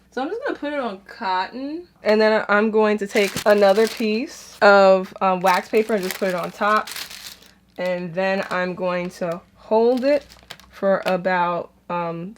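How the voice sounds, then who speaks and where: In this casual crafting vlog, a young DIY fashion vlogger at home explains her homemade outfit project step by step, laughing at herself as she chats. She has a mid-range voice, and there's a little hiss or hum on the audio.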